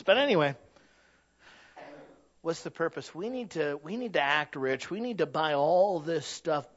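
A man preaching in a relaxed, conversational way, tossing out rhetorical questions and then pressing his point harder. His voice sits a little higher than most men's. The recording sounds dull and lo-fi. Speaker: pastor. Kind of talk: sermon.

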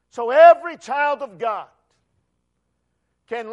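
Slow, high-voiced preacher man. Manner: slow, emphatic, repeating phrases, swelling to loud peaks. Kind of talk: sermon.

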